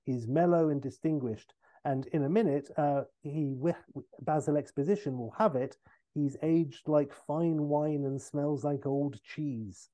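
A man hosting a podcast, telling a comic film pitch in a rambling way with fillers and self-corrections. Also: unhurried, mellow.

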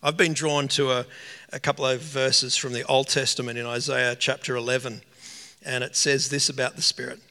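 A man's voice: medium pitch, little pitch movement, bright, forceful tone. Earnest male preacher in a reverberant hall. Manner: earnest, emotional, slow emphatic phrasing. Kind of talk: sermon.

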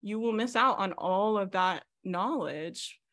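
A woman coaching a student over a video call, her voice bright and forward. She talks quickly and animatedly and uses lots of fillers. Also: medium pitch. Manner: fast, animated, filler-heavy coaching talk. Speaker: business coach.

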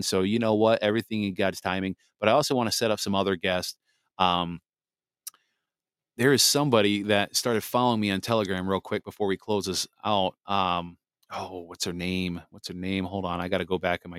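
Man, podcast host, rambling casual monologue, smooth resonant voice. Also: deep voice, a bit bright, no room sound, studio quality. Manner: rambling, many fillers and restarts.

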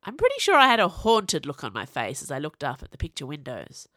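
Woman author narrating her novelette, wry and lively, lowish voice, close dry podcast mic. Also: a little fast, dry recording. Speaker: author reading her own fiction. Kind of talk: audiobook story narration.

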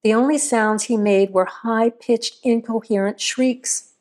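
A woman reading a scripted horror story aloud in a measured, steady storytelling voice. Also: a little high. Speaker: narrator.

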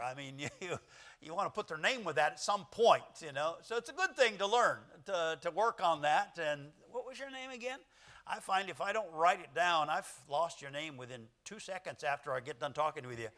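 A man preaching a sermon in a high, lively voice with a bright, forceful edge. He rambles in a folksy way, circling back with fillers and chuckling at his own stories. It is the easy talk of a pastor speaking to his own congregation. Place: church sanctuary.

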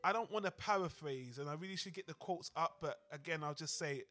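A man co-hosting a casual podcast discussion, animated and heated, swearing freely. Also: on the high side, brisk, soft background music. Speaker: podcast co-host.

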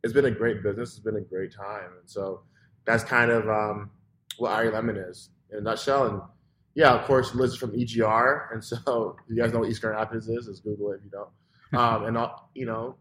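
A man, a restaurant owner, chatting casually as a podcast guest, loose and full of fillers, often trailing off quietly. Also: lowish voice, fairly even intonation, a little fast, slight background noise. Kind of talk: casual interview chat.

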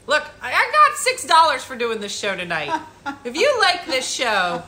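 Bright, lively middle-aged woman storyteller. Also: on the high side, normal speed, a little hiss or hum. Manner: animated, acts out family members' voices. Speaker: live stream host. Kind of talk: comic family storytelling to viewers.

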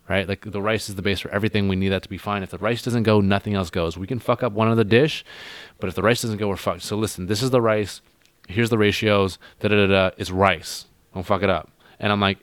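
A man spins a long, rambling story in casual conversation, dropping swear words and putting on the voices of the people in it. His voice sits low and the sound is dry and close, with no room around it. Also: fairly quick, no room sound. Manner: rambling storyteller, swears a lot, acts out quotes. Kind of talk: casual chat.

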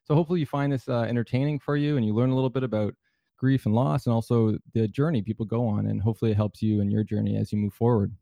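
A man's voice: medium pitch, warm tone, dry recording. A man hosting a podcast in a casual, easygoing way, with lots of fillers and restarts. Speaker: podcast host.

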